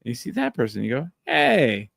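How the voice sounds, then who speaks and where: Animated male podcast host, lively pitch. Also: moderate pace, no echo, clean studio sound. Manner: animated storytelling, acting out quoted lines. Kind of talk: casual chat.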